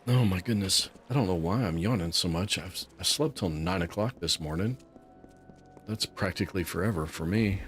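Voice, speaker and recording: A man hosting a relaxed let's play, chatting and musing aloud as he plays. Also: deep voice, moderate pace, faint music behind. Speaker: gameplay host.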